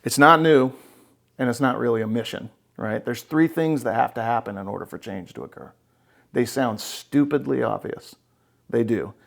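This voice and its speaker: Blunt, gravelly-voiced male podcast host. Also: mid-range voice, moderate pace, fairly bright tone. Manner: blunt, profane, emphatic, keeps checking with "right?". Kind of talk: casual podcast conversation.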